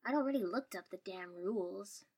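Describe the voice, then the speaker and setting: Husky woman reading a story. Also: mid-range voice, a little fast, a little mellow. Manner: dry, wry. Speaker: story reader. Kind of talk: first-person story narration.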